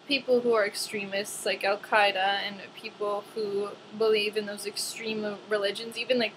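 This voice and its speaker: A young woman ranting casually to camera in a vlog, chatty and animated, with lots of "like". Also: medium pitch, a little hiss or hum, rough recording. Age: young adult.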